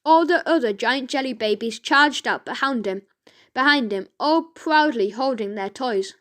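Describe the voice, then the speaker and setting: A woman reading a children's audiobook aloud, slowly and with the odd stumble and self-correction. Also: high voice, fairly bright tone. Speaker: reader.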